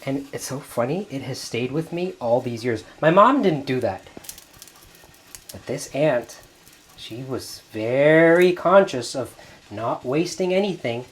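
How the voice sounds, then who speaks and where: A man hosting a cooking video in a home kitchen, gently narrating each step as he works. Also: mid-range voice, lively intonation, a little slow. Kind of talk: cooking demonstration.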